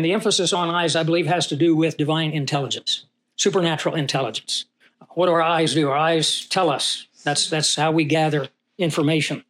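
A man's voice: fairly high pitch, fairly even intonation, a little fast, a bit bright. A man teaching a Bible study, who reads scripture aloud and puts questions to his class.

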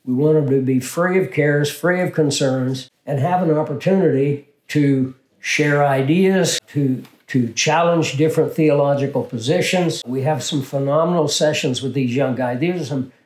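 An older man teaching scripture as a pastor, his voice set a bit higher than most men's. He talks in a measured way and keeps asking questions and answering them himself. The room around him rings with a noticeable echo. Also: darkish tone. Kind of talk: Bible teaching.

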